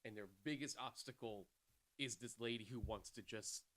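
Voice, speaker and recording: A man's voice: mid-range voice, moderate pace, a bit bright. A man co-hosting a film podcast in casual chat, rambling and self-deprecating and often laughing. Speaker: podcast co-host.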